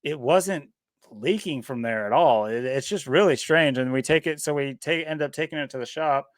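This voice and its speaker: A man co-hosting a podcast in casual chat, talking in a rambling, animated way. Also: mid-range voice, normal speed, dry recording, clean studio sound. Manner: rambling, animated, laughs often. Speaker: podcast co-host.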